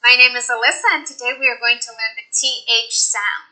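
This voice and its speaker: A young woman with an American accent leads a pronunciation lesson, her voice high and very bright. She coaches in an encouraging, playful way and demonstrates sounds. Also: steady tone, brisk, low-quality recording.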